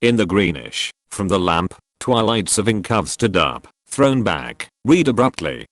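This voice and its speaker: A male audiobook narrator with a low voice that rises and falls in lively swings of pitch. He reads in a measured, expressive way. The sound is dry and close, like a small recording booth. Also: dry recording. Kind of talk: scripted narration.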